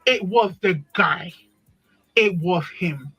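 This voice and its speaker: A woman's voice: fairly low pitch, expressive, takes it slowly, husky, dull audio, soft background music. A woman telling a personal story in casual chat, animatedly acting out what other people said. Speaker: live stream panelist.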